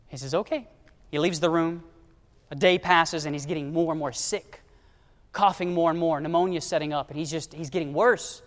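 A man with a high voice preaches in a big church hall with a long reverb tail. He tells his story by acting out the characters, going hushed and low for one and climbing loud and high for another. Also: moderate pace, long pauses. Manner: shifts to soft low tones for quoted characters, rising to loud high emphasis. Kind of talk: sermon storytelling.

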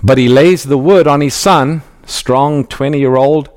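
A man giving an expository Bible teaching in a measured, emphatic way, reading scripture aloud as he goes. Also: mid-range voice, a little mellow.

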